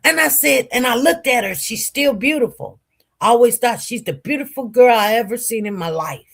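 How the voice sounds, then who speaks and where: A woman in her forties on the witness stand, telling her personal story in animated, colloquial speech. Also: a little high, normal speed, gravelly, husky. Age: 40s. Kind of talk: emotional personal testimony.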